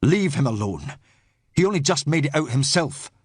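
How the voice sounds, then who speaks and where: A male narrator voices a steady, protective man in an audiobook, firm and reassuring, at an even middle pitch. The dry, close recording has no room sound. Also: moderate pace, slightly rough, no echo. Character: steady protective man calming an angry crowd.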